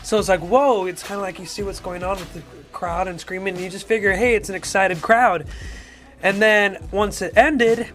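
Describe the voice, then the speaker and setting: A man's voice: sits high, fairly even intonation, a little fast, fairly bright tone, soft background music. A young man, a singer guest in a casual radio interview, rambling and giggly with many filler words. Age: young adult.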